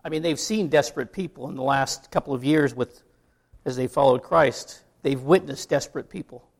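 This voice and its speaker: A man's voice: medium pitch, moderate pace, creaky. A middle-aged man from the United States preaching a sermon in a conversational way, with asides and rhetorical questions to the congregation. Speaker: pastor.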